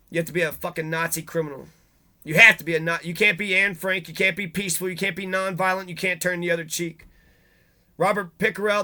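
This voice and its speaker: Male commentator, high and bright, angry profane monologue host. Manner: profane, heated, swings between reading and ranting.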